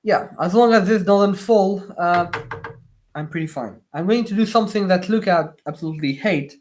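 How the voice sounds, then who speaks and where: A live streamer chatting casually while building with LEGO, answering viewer comments in slightly awkward non-native English, with lots of pauses and restarts. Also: medium pitch, darkish tone. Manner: hesitant, many fillers and restarts.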